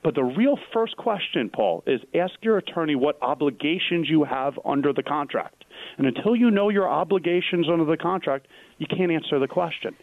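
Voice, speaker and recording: A man co-hosting a call-in advice radio show, his fairly high voice coming through a thin, phone-like band. He explains step by step and asks rhetorical questions that he answers himself. The sound is dry, with no room around it. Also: lively intonation, moderate pace, no room sound. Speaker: radio co-host, real estate expert.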